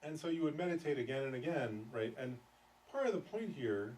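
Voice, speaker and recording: A man's voice: medium pitch, expressive, a little fast, a little mellow. A middle-aged man teaching a Buddhist class in a loose, conversational way, often checking whether his listeners follow. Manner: conversational, keeps checking "does that make sense?". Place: meditation center teaching room. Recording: distant mic, faint room noise.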